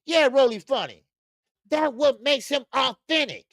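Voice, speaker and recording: Gravelly, animated boxing show host. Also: male voice, extremely high pitch, unhurried, no room sound, studio quality. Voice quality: loud, animated, profane, repeats himself. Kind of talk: casual live-stream commentary, reading chat.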